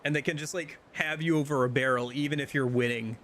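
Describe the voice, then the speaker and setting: A man's voice: medium pitch, fairly even intonation, quick pace, fairly bright tone, a little hiss or hum. A man streaming a video game, chatting casually and rambling with lots of fillers and restarts. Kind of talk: casual gameplay chat.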